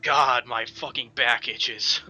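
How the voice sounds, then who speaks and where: Very bright-voiced man at a tabletop game. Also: medium pitch, fairly even intonation, slow. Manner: blunt, swears casually. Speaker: player. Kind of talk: casual tabletop play.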